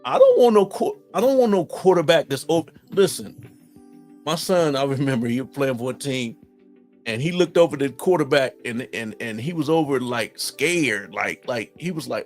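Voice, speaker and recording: A middle-aged man from Ohio with an Ohio accent, hosting a casual live-stream chat, reading viewer comments and answering them in an animated, folksy way. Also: on the high side, moderate pace, faint music behind. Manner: animated, talks straight to viewers, folksy slang.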